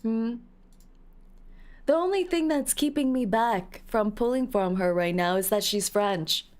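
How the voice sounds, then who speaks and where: A playful woman streamer who talks unhurriedly with her viewers, giggling and teasing as she reads out comments. Her voice sits a little high. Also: unhurried, darkish tone. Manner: playful, giggly, teasing, reading chat aloud. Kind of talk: casual live-stream chat while playing a game.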